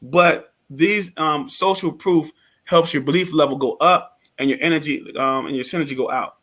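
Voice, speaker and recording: A man on a business panel discussion, speaking in a halting way that turns animated, often repeating words. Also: fairly high pitch. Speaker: co-host.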